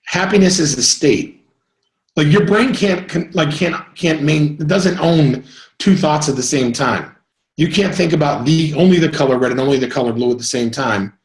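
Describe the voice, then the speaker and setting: An energetic male sales coach talks to a live group in a rambling way, now and then breaking into loud whoops. His voice sits fairly high for a man. The sound bounces around an echoey room. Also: normal speed.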